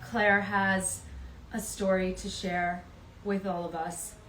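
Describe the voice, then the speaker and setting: Slow-speaking woman host, roomy sound. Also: medium pitch, little pitch movement, slight background noise. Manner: gentle, unhurried, many ums. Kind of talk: casual live interview chat. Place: in Vancouver. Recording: echoey room, voice from a distance.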